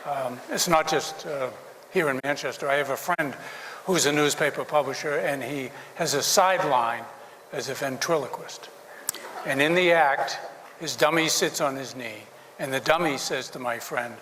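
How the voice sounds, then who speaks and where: A man's voice: a little high, normal speed, fairly bright tone, big-room sound, slight background noise, poor audio. A middle-aged man, a newspaper publisher, giving an after-dinner speech with dry jokes and hesitant fillers.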